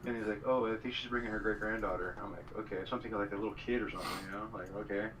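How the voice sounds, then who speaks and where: A man's voice: on the low side, fairly even intonation, rapid-fire. A man telling a rambling story in casual chat, full of fillers. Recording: distant mic with noise.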